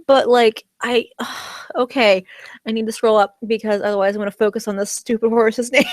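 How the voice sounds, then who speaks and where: A woman's voice: fairly high pitch, fairly even intonation, measured pace, no room sound. A woman from the US chatting casually on a livestream about a TV episode, rambling with lots of fillers and restarts and bursts of giggly enthusiasm, talking around a candy in her mouth. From United States. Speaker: vlogger recapping a TV episode.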